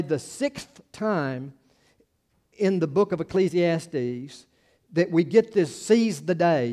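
Chatty pastor with a higher voice. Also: male voice, a little mellow. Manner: informal and chatty, many fillers and restarts; wry asides to the congregation. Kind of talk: conversational sermon.

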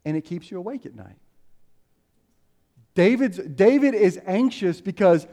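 A pastor giving a conversational sermon, telling stories and acting out quotes with lively ups and downs. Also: male voice, high voice, unhurried, long pauses. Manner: conversational, animated storytelling with acted quotes.

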